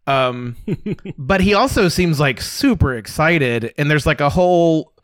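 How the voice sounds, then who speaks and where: A man's voice: a little high, expressive, a little slow, no echo, studio quality. Thoughtful man in casual movie chat. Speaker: podcast co-host reviewing movies.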